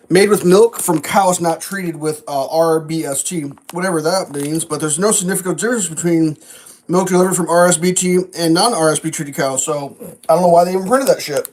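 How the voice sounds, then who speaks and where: A vlog host ranting casually over breakfast, rambling and sarcastic, swearing freely and laughing often. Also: mid-range voice. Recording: distant mic with faint noise.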